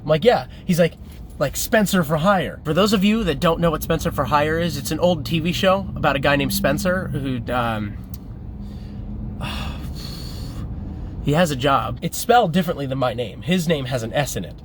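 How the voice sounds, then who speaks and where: A chatty man recounts a story in casual vlog style, breaking into laughs as he talks. His voice sits a touch high, recorded in a car with a faint background hum. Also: normal speed. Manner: chatty, laughs while telling. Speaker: vlogger.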